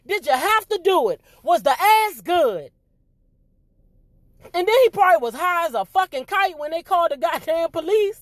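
Loud, profane woman ranting to camera. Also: extremely high pitch, moderate pace, no room sound, studio quality. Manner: loud, animated, cussing freely. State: voice giving out. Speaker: vlog host. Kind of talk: profane rant to viewers.

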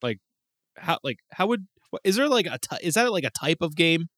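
A man telling a story with animated, casual speech and easy swearing, as a podcast host. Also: a little high, fairly quick, no room sound, clean studio sound. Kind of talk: casual chat.

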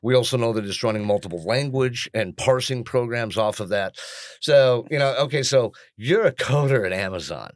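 A man's voice: medium pitch, animated, normal speed, no echo, studio quality. A middle-aged man co-hosting a podcast, telling stories in a casual, self-mocking way and laughing often. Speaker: podcast co-host. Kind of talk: casual storytelling chat.

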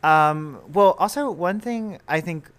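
A man's voice: on the high side, slow, a bit bright. A young man co-hosting a podcast in casual chat, rambling and laughing at himself. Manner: laughing, rambling, self-mocking. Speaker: podcast co-host.

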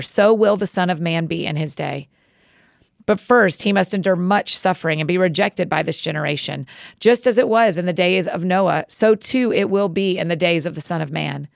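A woman hosting a podcast, greeting listeners warmly and then reading scripture aloud at a steady pace. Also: lowish voice, moderate pace, gravelly, no room sound, clean studio sound. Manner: friendly, encouraging intro then steady reading.

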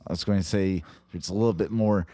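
A young man co-hosting a podcast, chatting casually with dry, deadpan quips. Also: low voice, quick pace, no echo. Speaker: podcast co-host, pastor.

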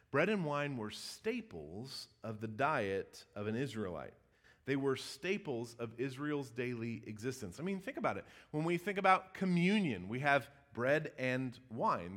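A pastor preaching a sermon in a church, his voice rising emphatically and dropping to a hush. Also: mid-range voice. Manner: animated preaching with emphatic rises and hushed drops. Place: church sanctuary.

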